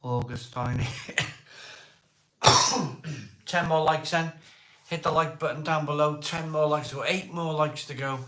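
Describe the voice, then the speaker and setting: A Welsh man with a voice hoarse from a cold, hosting a casual live stream, greeting viewers by name and asking for likes. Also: fairly high pitch, steady tone, unhurried, long pauses, a bit bright. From Wales. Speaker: livestream host. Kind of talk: casual live chat reading viewer comments. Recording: echoey room.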